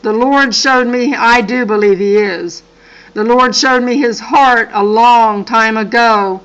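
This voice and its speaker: Bright-voiced grandmother reading earnestly. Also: fairly high pitch, lo-fi sound. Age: older. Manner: earnest, apologetic asides while reading. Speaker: channel host. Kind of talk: reading a dream account aloud with asides.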